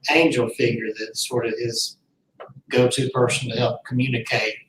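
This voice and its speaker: A man's voice: mid-range voice, flat delivery, moderate pace, fairly bright tone. Earnest man telling a story. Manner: rambling, earnest, heartfelt. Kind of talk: casual storytelling. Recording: roomy, distant mic, faint noise.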